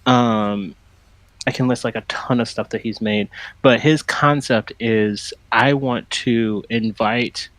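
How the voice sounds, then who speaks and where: A man co-hosting a podcast in casual chat, animated and acting out quoted lines as he talks. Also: mid-range voice, slow, dry recording, poor audio. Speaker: podcast co-host.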